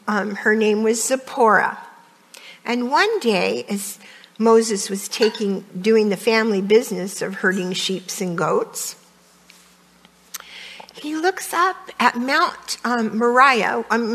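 A woman's voice: a little high, a bit bright. A woman retelling a Bible story in a homey, conversational way with frequent "um"s. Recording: long reverb, roomy hall sound.

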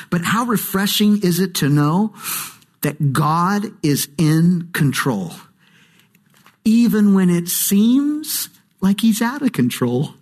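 A man preaching a sermon, reading scripture and then talking in a relaxed, joking, emphatic way. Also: sits high. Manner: conversational, jokey preaching with emphatic swings. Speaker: pastor.

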